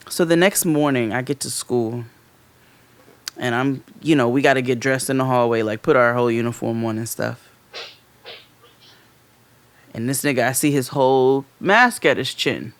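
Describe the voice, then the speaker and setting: A man co-hosting a podcast, telling a story in casual chat, animated and profane, acting out what people said in a raised voice. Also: mid-range voice, moderate pace, pauses often, clear, resonant tone, no echo. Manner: animated, profane, acts out quotes loudly. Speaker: podcast co-host.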